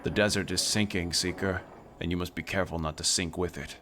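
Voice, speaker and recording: A man's voice: low-pitched, steady tone, a little fast, music in the background, natural voice. A man reading aloud the solemn warnings of an ancient voice beneath the desert in a game.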